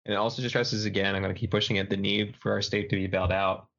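Very deep-voiced young man rambling casually. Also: little pitch movement, quick pace, a bit bright. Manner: rambling, lots of "like" and restarts. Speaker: podcast co-host. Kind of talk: casual news chat. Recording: dull lo-fi podcast audio.

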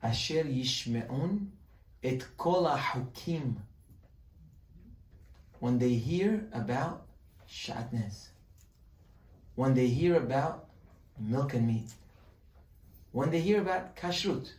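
Rabbi teaching a class in a roomy hall. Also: male voice, medium pitch, slow, pauses often. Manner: animated, acts out questions and answers in dialogue. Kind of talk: Torah class sermon. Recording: roomy sound, mic at a distance.

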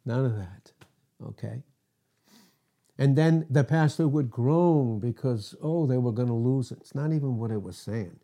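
A man's voice: mid-range voice, unhurried, warm tone. An older man teaching a casual sermon as a pastor, often chuckling and making self-deprecating asides. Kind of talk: informal Bible teaching sermon.

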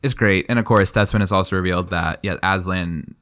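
A lower-pitched man discussing a fantasy novel with a friend in casual, upbeat talk. He is enthusiastic and laughs a lot. Now and then he reads scenes aloud with dramatic flair. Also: fairly quick, a bit bright.

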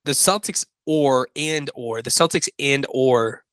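A podcast co-host chats casually about sports betting, rambling through his picks and correcting himself as he goes. His medium-pitched voice is smooth and a bit bright, with a measured pace, and the recording is rough but has no echo.

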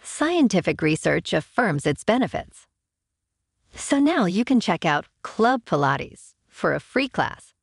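A woman's voice: fairly low pitch, sing-song, unhurried, creaky, slightly rough, no room sound, studio quality. A woman hosting a podcast, reading scripted news and signing off in an upbeat, chatty way. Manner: upbeat, chatty sign-offs. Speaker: podcast host.

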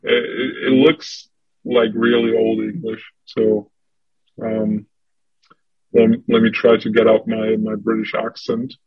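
Man, hesitant, slow, husky, flat delivery, video call, dry lo-fi sound. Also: fairly low pitch, no echo. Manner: hesitant, halting. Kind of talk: casual chat.

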